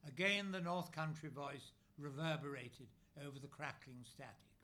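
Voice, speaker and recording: A man reading a literary novel aloud as narrator, in measured phrases with frequent pauses. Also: a little high, pushed and bright. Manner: measured, pausing often between phrases. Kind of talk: scripted narration.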